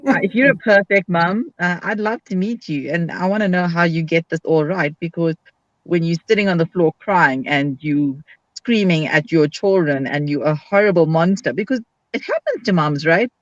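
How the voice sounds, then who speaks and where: A woman hosts a casual live video chat, speaking frankly and upbeat while acting out her own quotes. Her voice is on the low side at a normal speed, and the dull, dry lo-fi recording has no echo.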